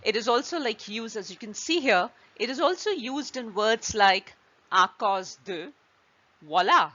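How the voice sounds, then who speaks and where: A woman's voice: on the high side, expressive, measured pace, sharp tone. A woman hosting an online French lesson, explaining patiently step by step with examples. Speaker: French teacher. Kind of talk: slow online language lesson. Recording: slightly dull lo-fi recording.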